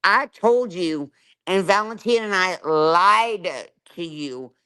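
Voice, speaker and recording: Middle-aged woman streamer, clear voice, furious and foul-mouthed, hammers every point with "right?". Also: on the low side, expressive, slow pace, bright, forceful tone. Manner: profane, confrontational, keeps asking "right?". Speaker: livestreamer. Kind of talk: angry live-stream rant.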